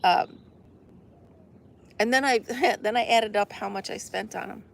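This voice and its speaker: A woman's voice: medium pitch, measured pace, gravelly, slight background noise. A woman chatting casually with her viewers outdoors on a deck, rambling and laughing often. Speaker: livestream host.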